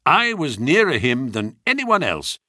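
Guy reading a story aloud, lively up-and-down voice, husky, dry close sound. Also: medium pitch, a little slow, dry recording. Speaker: audiobook narrator. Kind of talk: first-person literary narration.

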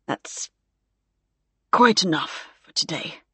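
A woman voicing a formal, diffident male Victorian naval officer who speaks with courteous, halting, old-fashioned phrasing. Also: on the high side, animated, sharp tone, husky, no echo, full character voice. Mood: wary, subdued.

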